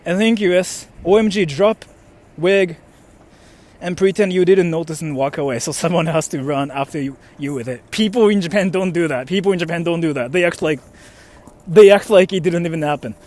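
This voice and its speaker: A man's voice: fairly high pitch, fairly quick. A young man chatting casually on a livestream, reading out donations and rambling with lots of fillers and mild swearing. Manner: animated, rambling, swears mildly, many fillers.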